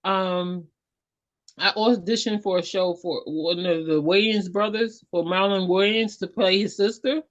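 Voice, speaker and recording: Female actor-singer guest, earnest and rambling, middle-pitched, dull lo-fi sound. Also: fairly even intonation, measured pace. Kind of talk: casual interview chat. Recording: dull lo-fi audio.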